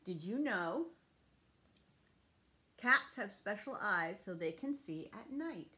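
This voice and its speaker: A woman preschool teacher reading a picture book aloud to children in a clear, sing-song teaching voice. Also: mid-range voice, animated, slow pace, pauses often, sharp tone.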